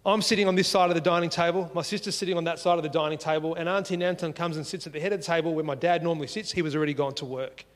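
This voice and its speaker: The sound of a large hall surrounds a high-pitched Australian man sharing a personal story from his life. Sitting at his dining table at home, he speaks in a lively, conversational way and acts out the dialogue.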